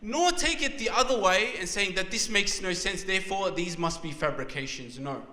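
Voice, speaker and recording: A man's voice: sits high, lively intonation, normal speed, bright, forceful tone. A man giving a passionate, emotional sermon at a religious gathering, often restarting his words. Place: large hall at a community religious program. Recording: echoey hall reverb.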